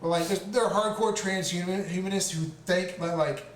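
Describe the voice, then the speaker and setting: A man's voice: high voice, steady tone, moderate pace. A man co-hosting a podcast in casual chat, rambling with stammers, restarts and casual swearing. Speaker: podcast co-host. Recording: roomy, distant mic, faint noise.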